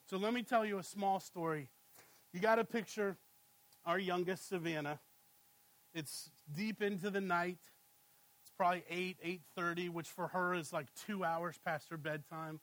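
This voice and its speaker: A man in his thirties preaches in a relaxed, conversational way, asking "right?" again and again. His voice sits high for a man. The sound is dry and close. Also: no echo, low-quality recording. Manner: conversational, asks "right?" often, animated when storytelling. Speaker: pastor. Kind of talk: sermon with family anecdotes.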